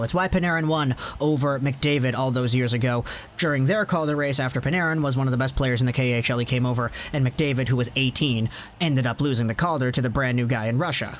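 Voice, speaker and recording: A young man hosting a hockey video, talking in a chatty, rambling, lively way. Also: a little high, a little hiss or hum. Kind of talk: casual commentary to camera.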